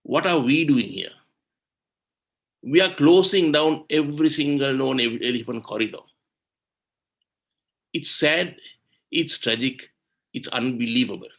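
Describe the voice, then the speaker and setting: A man's voice: mid-range voice, a little slow, vocal fry, long pauses, a bit bright. A man giving an impassioned webinar talk on environmental law, indignant and full of rhetorical questions, over a video call. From Sri Lanka.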